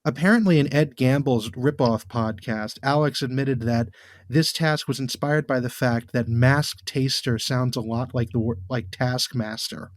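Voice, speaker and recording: A man co-hosting a podcast in casual chat, given to animated, exasperated rants. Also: mid-range voice, a little slow, no room sound, studio quality. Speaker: podcast co-host.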